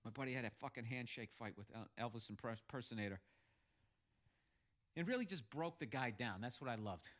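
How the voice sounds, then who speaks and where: Animated and brisk, this mid-range male voice spins a raunchy, funny bar tale and offers blunt advice. The delivery is loud and crude, packed with frequent curses, a clear case of profane comedic storytelling.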